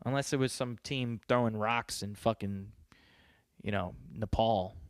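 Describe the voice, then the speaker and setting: Low-voiced man ranting profanely. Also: a little slow, smooth, no room sound, clean studio sound. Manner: profane, rambling, joking. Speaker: podcast host. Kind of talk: casual monologue.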